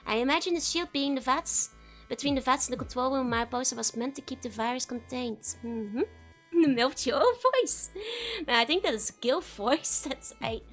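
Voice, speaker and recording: A woman's voice: high-pitched, fairly quick, fairly bright tone, soft background music. A woman streamer giggling and chatting as she reads a game text aloud on a casual livestream. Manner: giggly and chatty, laughs often between lines.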